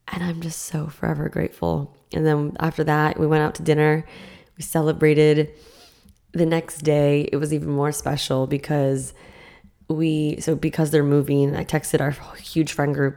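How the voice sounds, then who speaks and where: A young woman hosting a podcast, excitedly telling a personal story in a casual, gushing way with lots of fillers. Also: low-pitched, vocal fry. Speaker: podcast host.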